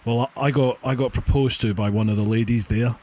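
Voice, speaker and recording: A man's voice: mid-range voice, fairly even intonation, fairly quick, darkish tone, slight background noise. A Scottish man hosting a casual podcast interview over a video call, dropping wry joking asides. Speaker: podcast host.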